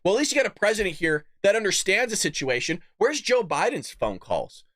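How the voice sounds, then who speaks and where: A man rants on his own political show, angry and cursing freely. He sometimes mimics opponents in a mocking voice. His voice sits high, and the sound is close and dry. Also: very animated, brisk, fairly bright tone, no echo. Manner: angry, profane ranting. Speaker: podcast host. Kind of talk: political rant.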